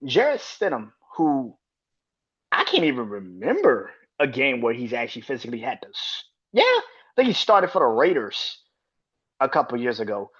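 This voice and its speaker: Husky, animated man ranting about sports. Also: mid-range voice, moderate pace, lo-fi sound. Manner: animated, profane, exasperated. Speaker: podcast host. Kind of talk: solo sports commentary rant.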